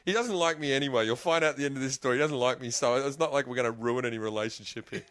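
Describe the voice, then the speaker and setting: A man's voice: medium pitch, racing, fairly bright tone, no room sound. An Australian man, a podcast guest, telling stories in casual chat, laughing often and swearing freely.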